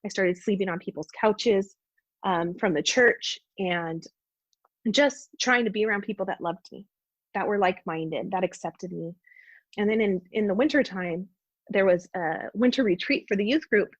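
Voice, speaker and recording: Woman guest, husky, heartfelt testimony, dull dry podcast sound. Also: mid-range voice, normal speed, no room sound. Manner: earnest, heartfelt storytelling. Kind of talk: personal testimony in conversation.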